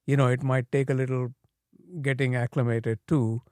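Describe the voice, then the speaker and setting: A man's voice: medium pitch, little pitch movement, a little mellow, no room sound, studio quality. An older man with an Indian accent from India, a father talking reflectively in a casual interview. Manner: reflective, plainspoken, pausing with fillers. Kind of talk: casual conversation.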